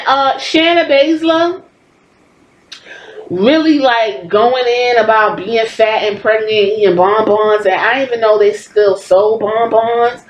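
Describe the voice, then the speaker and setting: A woman's voice: on the high side, roomy sound, highs cut off, a little hiss or hum. A woman in her late thirties, hosting a podcast and giving blunt, profane, opinionated wrestling commentary from home. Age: 30s. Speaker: podcast host.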